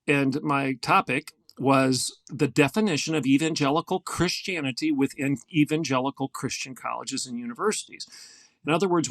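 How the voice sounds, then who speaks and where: Older male podcast guest, gravelly and fairly high-pitched, earnest and emphatic, dry close sound. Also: no echo. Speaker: guest, former university president. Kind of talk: podcast interview storytelling.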